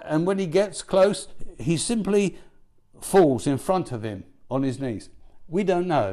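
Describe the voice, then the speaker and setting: A man preaching a sermon, asking rhetorical questions and building to emphatic, forceful passages. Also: a little high. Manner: animated, rhetorical questions, rising to emphatic peaks.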